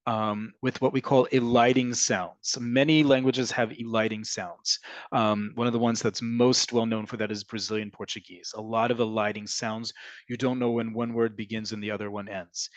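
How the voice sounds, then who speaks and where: A man's voice: mid-range voice, no echo, poor audio. A man teaching an online Hebrew class, explaining grammar and answering questions as they come in.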